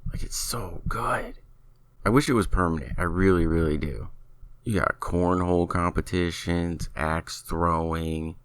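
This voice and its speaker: A man's voice: low voice, no echo. A man hosting a solo podcast, talking through news and opinions in a casual, rambling way. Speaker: podcast host.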